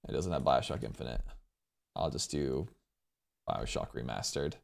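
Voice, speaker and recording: A man chatting casually with viewers on a live stream from home, rambling and excitedly thanking people. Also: rumbling low, normal speed, vocal fry.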